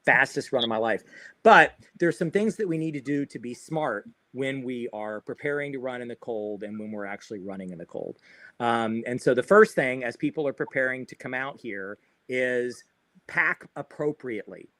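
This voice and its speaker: A running coach from Florida appears as a livestream guest, his mid-range voice a bit bright and free of room sound. Cheerful and talkative, he repeats his points and peppers them with "right?"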